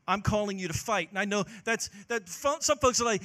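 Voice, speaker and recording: A male pastor, preaching a passionate sermon that swings from loud exhortation to hushed, earnest moments. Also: sits high, animated, a little fast.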